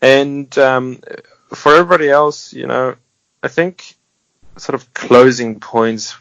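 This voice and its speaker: As an interview guest, a man offers earnest, encouraging advice laced with wry humor, restarting himself now and then. His medium-pitched voice is gravelly and a bit bright, and he speaks slowly. The dry, dull lo-fi recording has no echo.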